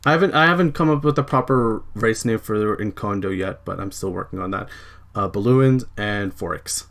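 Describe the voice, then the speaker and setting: A man's voice: on the low side, normal speed, a bit bright. A young man from Canada, a podcast host, chatting casually about his novel and often correcting himself mid-sentence. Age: young adult. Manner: rambling, frequent self-corrections and fillers.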